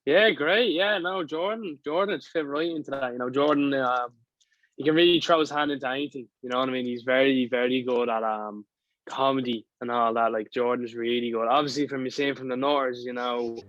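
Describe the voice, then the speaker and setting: A man's voice: medium pitch, steady tone, fairly quick, a bit bright, no room sound, low-quality recording. A young man from Ireland with a Dublin accent, a guest filmmaker chatting casually, rambling and often asking "you know what I mean". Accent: Dublin Irish. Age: young adult. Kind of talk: casual chat.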